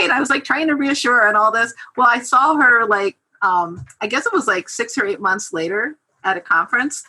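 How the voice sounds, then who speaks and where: A woman's voice: on the high side, brisk, hardly any pauses, low-quality recording. A middle-aged woman talking casually as a podcast guest, telling stories with many fillers. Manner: chatty, animated storyteller with lots of fillers. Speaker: guest copywriter.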